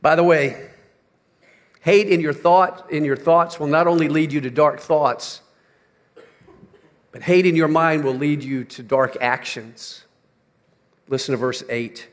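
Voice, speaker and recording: An older man preaching a sermon, moving from quiet, low-key talk to loud, shouted emphasis. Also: long reverb tail. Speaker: pastor.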